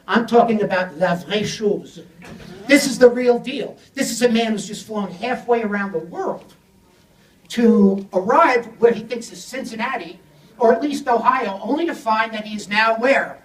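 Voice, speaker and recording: A man giving a comic, theatrical storytelling keynote on language learning, animated and at times shouting. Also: extremely high pitch, moderate pace. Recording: echoey hall audio from a distant mic with audience.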